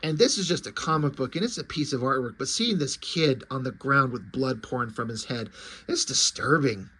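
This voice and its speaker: A man casually reading through a comic book and reacting to it, excitable and swearing freely, often trailing off and restarting. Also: mid-range voice, normal speed, breathy edge.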